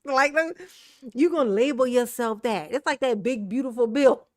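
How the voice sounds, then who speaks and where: A woman's voice: on the high side, normal speed, darkish tone, no room sound, studio quality. A woman host giving casual, blunt reaction commentary, sassy and profane and laughing often.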